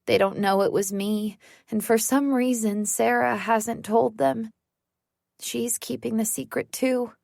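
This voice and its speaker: A woman narrating a first-person thriller audiobook in a tense, measured way. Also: on the high side, steady tone, creaky, darkish tone, no room sound, clean studio sound.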